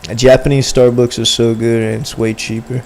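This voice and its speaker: A man's voice: medium pitch, level tone, brisk, darkish tone, a little hiss or hum. A young man livestreaming, chatting casually and rambling in slang to his viewers. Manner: rambling, slangy, talks to chat. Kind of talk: casual stream chat.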